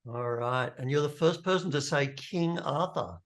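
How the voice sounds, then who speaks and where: Excitable male game master. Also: on the high side, moderate pace. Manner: excitable, rambling with fillers. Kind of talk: narrating a tabletop game.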